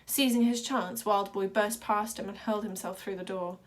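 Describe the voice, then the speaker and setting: A woman's voice: medium pitch, moderate pace. Woman reading a story aloud dramatically. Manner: dramatic, steady narration. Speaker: reader.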